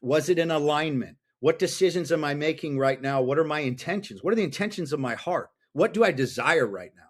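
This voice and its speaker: A middle-aged man talking as a guest on a podcast over a call, blunt and intense, swearing freely and asking himself rapid questions. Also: on the high side, animated. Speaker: podcast guest, fathers' coach. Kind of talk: candid podcast conversation. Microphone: remote call.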